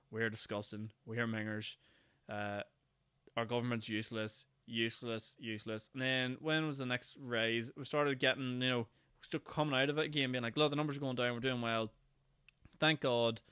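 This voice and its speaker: Tired Northern Irish guy in his twenties, solo podcast host, sarcastic rambler, bright clear voice. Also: medium pitch, fairly even intonation, normal speed, no room sound, clean studio sound. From Northern Ireland. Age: 20s. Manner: rambling, sarcastic, acts out mock quotes. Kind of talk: casual solo podcast monologue.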